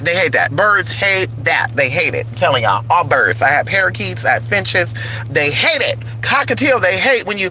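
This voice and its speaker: A man's voice: fairly high pitch, sing-song, moderate pace, sharp tone, soft background music, poor audio. A man vlogging in casual chat, playful and crude, calling his viewers honey and y'all.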